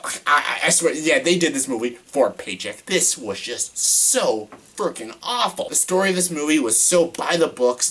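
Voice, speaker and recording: In a medium-pitched, slightly bright and slightly rough voice, a young man gives an exasperated, ranting take on a movie. His casual review is packed with "like" and frequent swearing.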